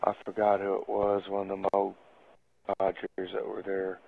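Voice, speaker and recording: A man's voice: deep voice, monotone, normal speed, creaky. A man telling a casual anecdote in a profane way, laughing as he goes. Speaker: storyteller. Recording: tinny phone-like audio.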